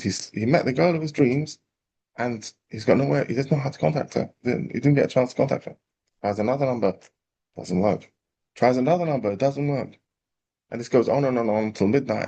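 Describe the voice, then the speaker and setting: A man, a rabbi telling a parable in a lively storytelling class. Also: mid-range voice, brisk, slightly rough. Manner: animated storyteller, acting out quotes.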